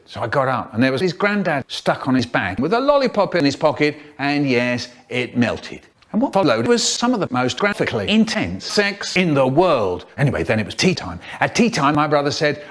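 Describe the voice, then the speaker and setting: A man telling a rambling, absurd comic story in a deadpan voice that breaks into sudden silly outbursts. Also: fairly high pitch, normal speed, few pauses. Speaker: comedic storyteller.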